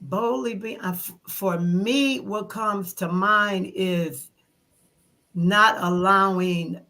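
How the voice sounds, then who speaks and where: Animated, bright-voiced woman in her fifties. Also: medium pitch, slow pace. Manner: animated storyteller who acts out her own quoted thoughts. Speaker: interview guest. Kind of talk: conversational interview.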